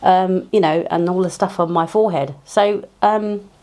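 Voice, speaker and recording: This beauty vlogger from England talks steadily at a moderate pace, her lowish voice a little mellow. She chats loosely to camera as she applies makeup, full of fillers and restarts. The audio comes from a cheap clip-on mic at home, with echoey room sound.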